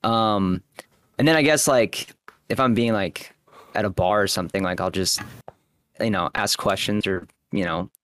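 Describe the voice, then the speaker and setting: A man's voice: on the low side, normal speed, a bit bright, no echo. A man in casual podcast chat who speaks hesitantly, full of fillers. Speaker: podcast guest.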